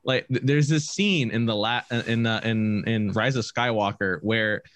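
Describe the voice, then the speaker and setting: A man's voice: fairly low pitch, normal speed, dry recording. A young man chatting casually on a podcast, telling stories with lots of swearing and laughter. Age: young adult. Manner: animated storyteller, swears often, laughs a lot. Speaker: podcast co-host, streamer. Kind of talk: casual chat.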